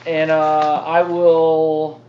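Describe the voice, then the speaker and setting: A man playing a tabletop game, thinking aloud haltingly with lots of ums. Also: on the high side, completely flat delivery, a little mellow. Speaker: player. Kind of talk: casual tabletop game play. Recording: dull lo-fi podcast audio with faint noise.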